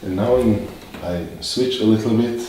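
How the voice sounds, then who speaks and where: A man interviewing a guest, speaking softly and murmuring agreement as he listens. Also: on the low side, moderate pace. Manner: soft-spoken, with frequent listening murmurs. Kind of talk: interview questions. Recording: roomy, distant mic, faint background noise.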